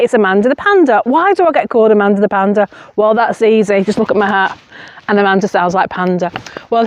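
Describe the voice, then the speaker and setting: A woman's voice: on the high side, darkish tone, no room sound. A woman chatting playfully and joking as she talks to camera outdoors in a forest. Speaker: vlogger. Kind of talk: casual chat on a walk.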